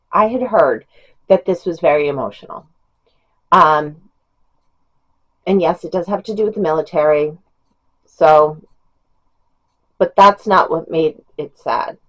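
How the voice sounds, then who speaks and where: A woman's voice: fairly low pitch, animated, slow, pauses often, fairly bright tone, rough recording. A middle-aged woman chatting casually as a book reviewer, rambling with fillers and small laughs. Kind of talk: casual chat.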